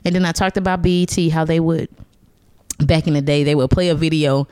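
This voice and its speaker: A woman's voice: deep voice, a little fast, smooth, dry recording. A woman in her forties, a stand-up comedian and guest, telling stories in a casual chat, laughing often and slipping into voices. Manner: animated storyteller, laughs often, slips into character voices.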